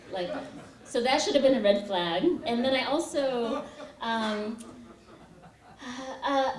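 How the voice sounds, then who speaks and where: A woman's voice: a little high, darkish tone, slight background noise. A woman poet giving a reading, telling personal stories in a chatty way and laughing often. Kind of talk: poetry reading with personal anecdotes. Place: university lecture hall. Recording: echoey hall from far off.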